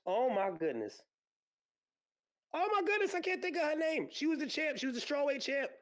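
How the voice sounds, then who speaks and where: Male podcast host, casual and animated, bouncy pitch, lots of filler words. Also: normal speed. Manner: animated, rambling, frequent fillers and exclamations. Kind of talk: casual solo podcast chat about combat sports. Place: podcast studio.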